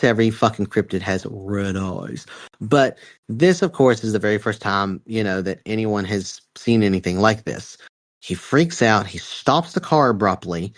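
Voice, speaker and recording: A man's voice: on the low side, no room sound. A man from West Virginia, telling a story casually on a podcast in a rambling, profane way with lots of fillers. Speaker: podcast host.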